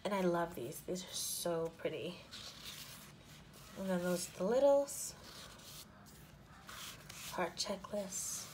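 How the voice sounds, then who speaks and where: A woman showing planner stickers in a casual haul, gushing and often dropping into soft half-whispers. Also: fairly low pitch, animated, takes it slowly, pauses often, a little hiss or hum. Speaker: planner sticker shop owner and vlogger. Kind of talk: casual haul show-and-tell.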